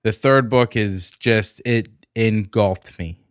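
A man with a fairly low voice chats casually on a podcast. He talks things through in a storytelling way and states his views bluntly. The sound is dry and close, with no room echo. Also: takes it slowly, clean tone. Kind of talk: casual chat.

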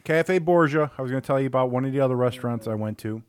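A man's voice: medium pitch, racing, smooth, dry recording. A man with a Chicago accent co-hosting a podcast, chatting casually and animatedly while tasting beers and plugging local restaurants. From Northwest Indiana. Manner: animated, rambling restaurant plugs. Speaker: podcast co-host. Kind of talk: casual beer-tasting chat.

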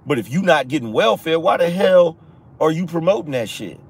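Man ranting heatedly, fairly high voice. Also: animated, normal speed, husky. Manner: heated, preachy, repeats lines for emphasis, profane. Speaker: political podcast host. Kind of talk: live-stream rant.

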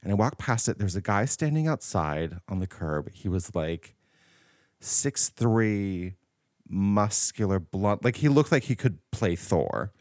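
A man with a deep voice that swings widely in pitch tells stories in a casual chat. He's camp and chatty, laughing often, and the sound is dry and close. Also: lively intonation, unhurried, darkish tone, no room sound.

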